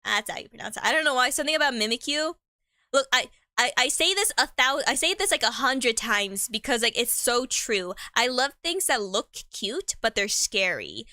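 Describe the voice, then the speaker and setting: A woman's voice: on the high side, expressive, normal speed, sharp tone, no room sound, studio quality. A woman chatting casually on a live stream, rambling in slang and laughing often.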